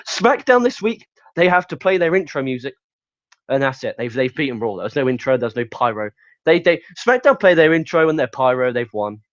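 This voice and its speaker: A man delivering a casual solo review, profane and blunt, sounding fed up as he talks. His voice sits at an ordinary middle pitch. The recording is dry and slightly dull, like a lo-fi home setup. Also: dry recording. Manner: profane, ranting, blunt and exasperated. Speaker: wrestling show reviewer.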